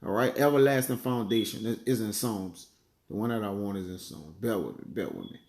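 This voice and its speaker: A man's voice: on the low side, expressive, darkish tone. Casual man teaching scripture, echoey room. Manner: conversational, peppers lines with "man" and "all right"; reads verses slowly, searches aloud for passages. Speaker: bible teacher. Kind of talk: casual sermon with scripture reading.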